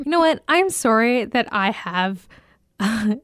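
A woman's voice: fairly high pitch, lively intonation, slow pace, fairly bright tone, no echo, studio quality. A woman with a Canadian East Coast accent, co-hosting a casual podcast chat in a rambling, self-teasing way. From Eastern Canada. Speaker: podcast co-host.

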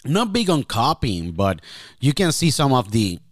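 A man's voice: medium pitch, very animated, a little slow, no echo, clean studio sound. A man in casual chat, chiming in with short agreements and wrestling names.

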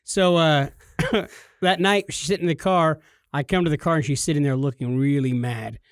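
A man's voice: on the high side, normal speed, no room sound, studio quality. A man co-hosting a podcast, telling stories in casual chat and acting out the people he quotes. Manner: animated storyteller, acts out quotes. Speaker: podcast co-host.

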